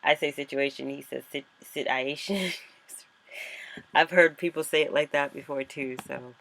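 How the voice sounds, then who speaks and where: A woman's voice: low voice, steady tone, moderate pace, gravelly, a bit bright, slight background noise. A woman author chatting casually and thinking aloud as she walks through a screen-recorded tutorial. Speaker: author and vlogger.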